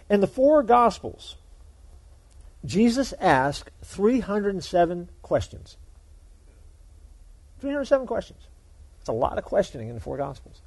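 A man's voice: sits high, darkish tone. A male pastor giving a sermon in a conversational, folksy way, joking with the congregation.

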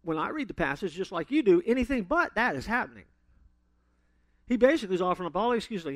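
A man preaching a sermon, telling stories with sudden loud emphasis and playful asides. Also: high voice, big pitch swings, fast talker, no echo.

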